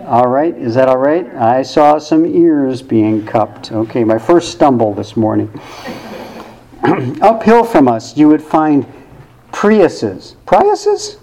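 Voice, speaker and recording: A man's voice: medium pitch, animated, slow pace, mellow, poor audio. A man giving a conversational sermon to a church congregation, thoughtful and wry with casual asides. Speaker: worship service speaker.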